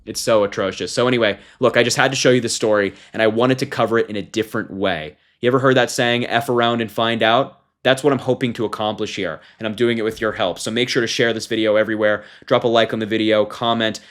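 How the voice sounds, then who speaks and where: A young man hosting a political commentary show, reading from an article and reacting with indignation, jumping from loud mocking call-outs to low, disgusted asides. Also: steady tone, fast talker, hardly any pauses.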